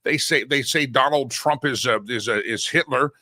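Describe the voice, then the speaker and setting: A man's voice: medium pitch, normal speed, sharp tone, no echo. A middle-aged man from Texas, hosting a talk show and ranting through a sarcastic, opinionated monologue. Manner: sarcastic, ranting, laughs at his own jokes. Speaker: radio talk show host.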